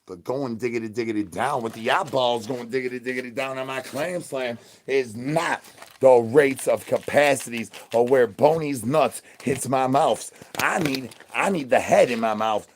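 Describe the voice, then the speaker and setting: Young man, goofy slangy streamer, rambles nonsense, mid-pitched voice, hype then mumbly. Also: moderate pace. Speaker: streamer in costume. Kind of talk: rambling improvised livestream banter.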